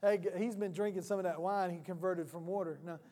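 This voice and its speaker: A male pastor preaching a sermon in an animated, humorous and conversational way. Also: sits high, fast talker. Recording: reverberant church hall.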